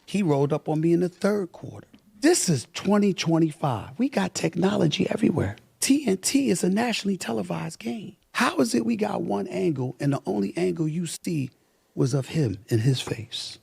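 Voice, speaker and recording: Man, interview guest, gravelly voice, swooping pitch, indignant and emphatic. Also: lively intonation, moderate pace, darkish tone. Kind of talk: heated interview answers.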